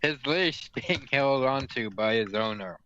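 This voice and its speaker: A man's voice: medium pitch, lively intonation, unhurried, sharp tone, a little hiss or hum. A man reading fan fiction aloud for laughs, stumbling over words and correcting himself. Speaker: reader and host. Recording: dull lo-fi audio, dry room.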